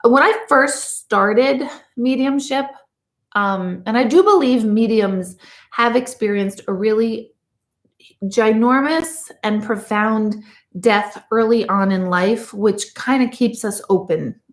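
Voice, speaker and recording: A woman's voice: a little high, slow pace, roomy sound. A woman working as a medium, chatting casually and rambling through stories while reading viewer comments. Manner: chatty, rambling storyteller with lively asides. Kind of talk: casual livestream chat.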